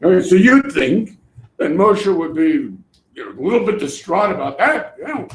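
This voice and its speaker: A man teaching a Torah class in an animated way, acting out voices and laughing often. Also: sits high, moderate pace. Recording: echoey room.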